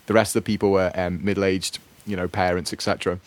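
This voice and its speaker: A man's voice: low voice, level tone, quick pace, dry recording. A young man telling a rambling story on a radio show, full of fillers and laughs. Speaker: co-presenter. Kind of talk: casual storytelling chat. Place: radio studio.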